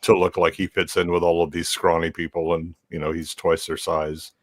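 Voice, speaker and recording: A man with a very low, deep voice in a casual film chat, recorded dry with no room sound. He jokes along at an easy, unhurried pace. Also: level tone, no echo.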